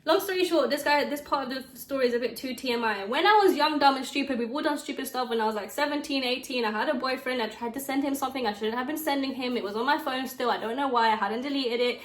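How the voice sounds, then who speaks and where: A young woman with a British accent telling a story time in a chatty, dramatic way, with quick asides. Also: high voice. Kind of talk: casual storytime chat while doing makeup. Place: bedroom at home. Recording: echoey room.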